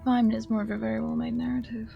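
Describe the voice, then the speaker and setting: A woman's voice: on the high side, flat delivery, quick pace, vocal fry, highs cut off, soft background music. Chatty Australian woman streamer. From Western Australia. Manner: chatty, hesitant, stumbles over words when reading. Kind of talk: casual chat and reading a story aloud on stream.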